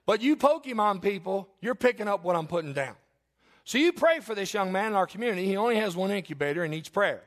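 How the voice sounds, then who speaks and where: A male pastor delivers a sermon in his church with a high, bright-pitched voice. He talks in a folksy way, slipping into joking asides and growing excitable when he tells a story. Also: fast talker. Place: church sanctuary.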